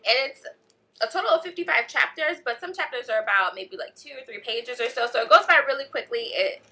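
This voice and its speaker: A woman's voice: a little high, expressive, a little fast, bright, forceful tone, low-quality recording. A woman casually reviewing a novel for her vlog, chatty and gushing, full of fillers and "like". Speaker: book vlogger.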